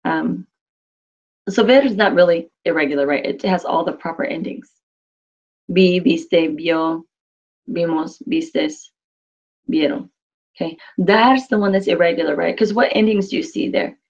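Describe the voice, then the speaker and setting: A woman teaching a Spanish class, reading phrases slowly and translating them with patient explanations. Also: fairly low pitch, a little mellow. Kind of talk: classroom instruction. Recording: dull lo-fi classroom recording.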